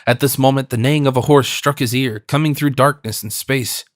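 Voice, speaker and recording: A man narrates a classic novel as an audiobook. His pitch is middling and the sound is dry and close. He reads at a measured, even pace. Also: dry recording. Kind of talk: scripted narration.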